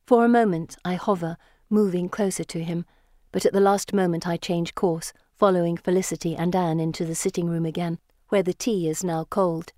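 A woman reading a first-person storybook in a measured, lyrical way. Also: on the low side, fairly even intonation, dark tone, no echo, studio quality. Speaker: audiobook narrator.

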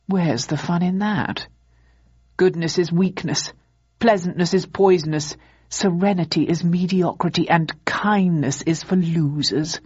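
A low, husky drawl for a smug male mastermind in a storybook reading, as a woman narrator puts him on. He savors every cruel word, slow and theatrical, and the audio is dull and muffled. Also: a little mellow, no echo. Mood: gloating. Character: suave, gleeful male master villain.

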